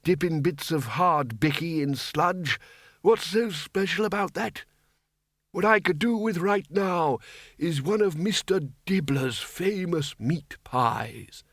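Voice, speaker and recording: Casting: high, thin ancient wizard, rambling and cheerily oblivious, put on by a male audiobook narrator. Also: expressive, slow, a bit bright, dry recording, studio quality, full character voice. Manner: rambling, quavering, forced cheer.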